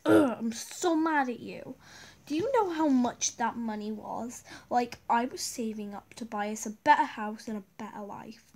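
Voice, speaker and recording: A young woman voicing an exasperated mother loudly scolding her teenage daughter in an amateur role-play drama. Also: on the high side, fairly even intonation, moderate pace, hardly any pauses. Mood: angry scolding. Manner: loud and exasperated. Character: angry scolding mother of a teen girl.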